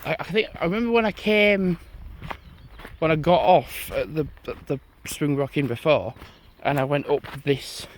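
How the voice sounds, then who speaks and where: Rambling man, slightly high voice. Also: moderate pace, a little hiss or hum. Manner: rambling, chatty, swears casually. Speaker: vlogger. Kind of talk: casual walking vlog. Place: outdoors on a moorland footpath.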